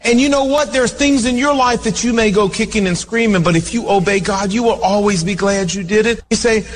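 Man, pastor preaching, earnest animated delivery, high voice, long hall reverb. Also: fairly quick, slight background noise. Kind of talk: sermon.

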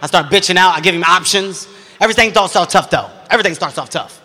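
A man's voice: high-pitched, fast, bright, forceful tone. A man telling a stand-up story with intense, profane energy. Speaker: stand-up comedian. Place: comedy stage before a live audience. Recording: long hall reverb.

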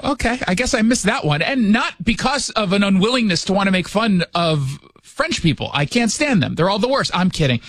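A man's voice: high voice, sing-song, a little fast, hardly any pauses, a bit bright. A man hosting a talk show from his studio, joking and sarcastic, often restarting his sentences. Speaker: radio talk show host. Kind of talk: casual talk show banter. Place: studio, cold.

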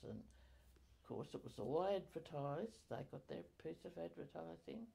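An older woman recalling her community life in an oral history interview, halting with many fillers and self-corrections. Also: sits low, lively intonation, creaky, mellow, husky.

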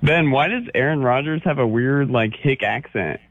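A man's voice: medium pitch, normal speed, no echo. A man in his sixties from Orange County, calling into a radio show and playfully ribbing the host. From Orange County, California. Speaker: caller. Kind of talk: casual call-in radio banter. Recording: tinny dry phone line.

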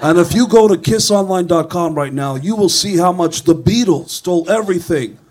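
A boastful middle-aged rock star who drawls out every plug in a slow, deadpan sales pitch, as a male comedian puts him on. The voice sits fairly high for a man and has an odd, altered timbre. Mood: smug. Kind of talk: stand-up comedy impression.

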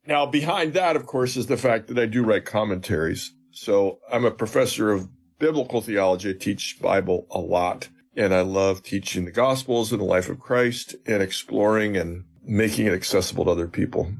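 Husky middle-aged man explaining scripture. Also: lowish voice, normal speed, hardly any pauses. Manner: earnest, acts out quoted dialogue with emphasis. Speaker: professor of biblical theology, guest.

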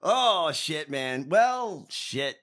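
A man co-hosting a comedy podcast, talking in a loud, profane, ranting way. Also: fairly high pitch, sing-song, drawn-out words. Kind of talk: casual profane comedic chat.

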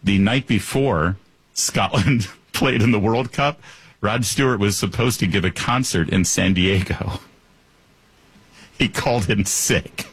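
A man's voice: mid-range voice, measured pace, a bit bright. A male talk radio host delivering a sarcastic, joking monologue into a studio microphone.

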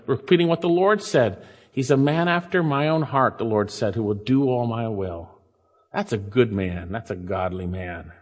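Male preacher, high-pitched, emphatic sermon delivery, hall reverb. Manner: emphatic, varies pace and loudness, quotes scripture.

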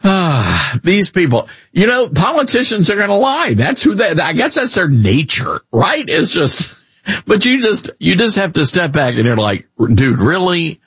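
A talk radio host with a husky, slightly raised voice that swings all over as he rants and jokes. The sound is dry and close to the mic. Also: high-pitched, moderate pace, no echo. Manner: animated, mocking, rambling. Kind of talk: opinionated talk radio commentary.

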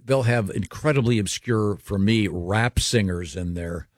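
A man's voice: on the low side, a little slow, no echo, studio quality. A middle-aged man hosting a morning radio show, chatting casually and rambling with many fillers.

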